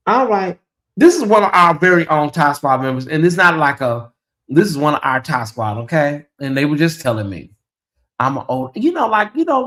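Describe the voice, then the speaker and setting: Man, livestream host, fairly high voice, animated, chatty, reads viewer comments. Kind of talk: casual livestream chat, reading viewer comments.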